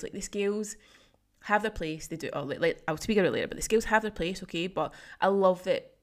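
A woman's voice: fairly low pitch, quick pace. A woman in her thirties, a fitness coach hosting a casual solo podcast, talking chattily and emotionally with lots of fillers. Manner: chatty, heavy use of "like", emotional and gushing. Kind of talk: casual solo podcast, reading client feedback.

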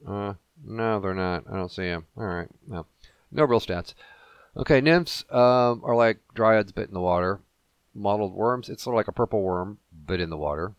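A man's voice: fairly low pitch, moderate pace, clear, resonant tone, dry recording, dull audio. A man hosting a casual solo podcast, rambling and joking at his own expense. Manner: rambling, self-deprecating and jokey. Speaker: podcast host.

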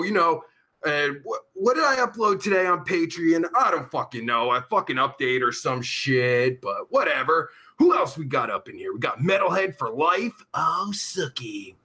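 A man hosting a live stream in crude, rowdy casual chat, shouting greetings to his viewers and sounding tired. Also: fairly high pitch.

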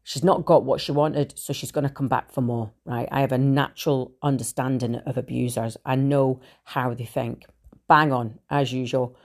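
A Scottish woman with a Glasgow accent, telling her own story in a blunt, animated monologue full of swearing. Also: a bass voice, moderate pace. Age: adult with three children. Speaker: speaker sharing her recovery story.

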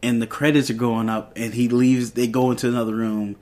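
A man's voice: mid-range voice, flat delivery, brisk, darkish tone. A man hosting a podcast, casually recapping a TV episode in a loose, rambling way and quoting the characters' lines. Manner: retells scenes with quoted dialogue, loose and rambling. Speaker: podcast host.

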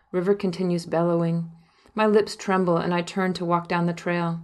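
A woman's voice: lowish voice, flat delivery, moderate pace. A young woman reading her own memoir aloud, telling her story in an intimate first-person way, with emotional quoted lines. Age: young adult. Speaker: narrator and author of a memoir. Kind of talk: audiobook memoir narration.

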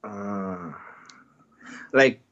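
A man's voice: lowish voice, drawn-out words, highs cut off, a little hiss or hum. A man, a rapper from Washington Heights, talking casually in an interview in a laid-back, slangy way. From Washington Heights, New York. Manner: laid-back, slangy, peppered with "you know what I'm saying". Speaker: rapper guest.

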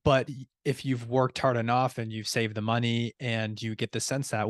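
A man's voice: mid-range voice, flat delivery, normal speed, no room sound, studio quality. A man hosting a podcast interview, speaking in a thoughtful, reflective way. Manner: reflective, thoughtful, with soft hums of assent. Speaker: podcast host.

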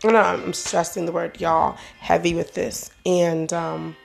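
Gravelly, rambling woman vlogger. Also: on the low side, steady tone, a little slow, faint music behind. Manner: rambling, slangy, profane. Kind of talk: casual monologue to viewers.

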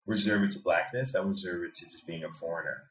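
An American expat from Chicago, living in Thailand, speaks as an interview guest in an echoey indoor room in Bangkok. His very low voice is unhurried and fairly even in intonation, and he is reflective and thoughtful. He often repeats words as he builds toward his point.

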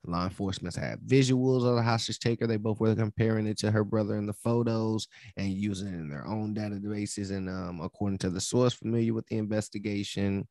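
A man's voice: on the low side, steady tone, a little fast, hardly any pauses, a little mellow, no room sound, studio quality. A man co-hosting a podcast, reading a news story aloud and often stumbling over words and correcting himself. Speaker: podcast co-host.

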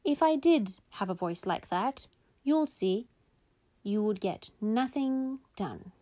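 A woman's voice: mid-range voice, expressive, slow pace, warm tone. A woman voicing a strict, tired mother of two in a children's story. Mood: weary.

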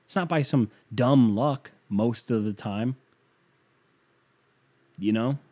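Young man, podcast host, casual comedic rant, rambling, filler-heavy, dark mellow voice, mid pitch. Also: slow pace. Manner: rambling, wry, riffing with lots of fillers.

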